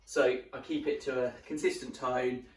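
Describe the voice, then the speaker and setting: Male dog trainer, mid pitch, relaxed teaching delivery, picked up off-mic in a reverberant space. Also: moderate pace. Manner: repeats a short marker word while explaining; relaxed, with fillers and restarts. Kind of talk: instructional demonstration. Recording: roomy sound from some distance.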